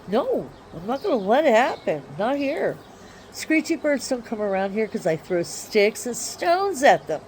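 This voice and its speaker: Slow-talking woman rambling outdoors. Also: on the high side, darkish tone, slight background noise. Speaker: vlogger. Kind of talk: rambling casual monologue. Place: backyard by a wooded area, outdoors.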